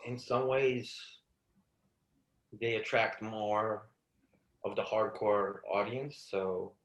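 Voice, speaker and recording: A man in relaxed casual chat who asks easygoing questions. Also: fairly low pitch, slow pace, echoey room, rough recording. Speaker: co-host.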